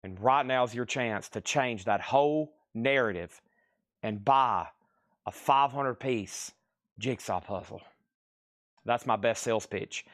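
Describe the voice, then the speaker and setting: A man hosting a live-streamed record sale, listing items at a rapid clip and slipping into playful sales pitches. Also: a bit bright, dry recording, clean studio sound. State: out of breath. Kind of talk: live-stream auction patter.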